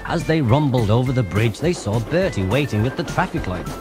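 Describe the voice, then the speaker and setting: A man's voice: mid-range voice, a little fast. A man narrating a children's railway storybook. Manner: lively, expressive storytelling. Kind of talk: storybook reading. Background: music.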